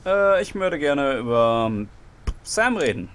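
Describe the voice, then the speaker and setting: A man's voice: mid-range voice, very animated, measured pace, fairly bright tone, a little hiss or hum. A man with a German accent giving casual let's play commentary, thinking aloud. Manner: chatty, reads out options, thinks aloud.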